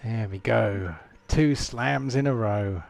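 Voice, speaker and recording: Slow, gravelly-voiced male game master. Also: fairly low pitch. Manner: halting, thinks aloud with fillers. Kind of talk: narrating a tabletop game.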